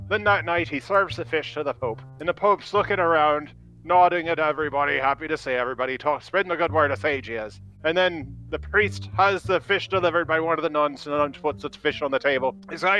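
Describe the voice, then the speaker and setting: A tabletop player spins a joke in character, acting out each person in his tale. His voice is bright and forceful. It also sits a little high. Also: fast talker, rough recording. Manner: folksy storyteller, voices the people in his tale.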